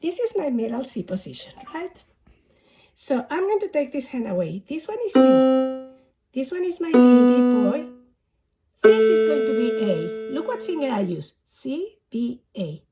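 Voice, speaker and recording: A woman's voice: high-pitched, sing-song, moderate pace. A woman music teacher giving a children's theory lesson in a sing-song teaching voice, chanting mnemonics.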